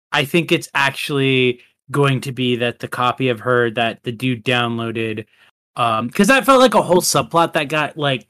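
A man in casual podcast chat, talking through a film at a loose, rambling pace. His voice sits at an ordinary middle pitch for a man. He strings thoughts together with plenty of fillers. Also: bright, forceful tone, clean tone. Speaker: podcast co-host.

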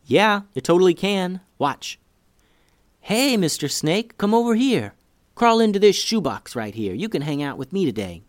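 A dramatic young boy in a children's audio story, his voice pushed high and loud as he panics and exclaims. A man acts him out with lively ups and downs in a dry, close sound. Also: moderate pace, no echo. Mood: coaxing. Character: excitable boy, a bit dramatic and jumpy.

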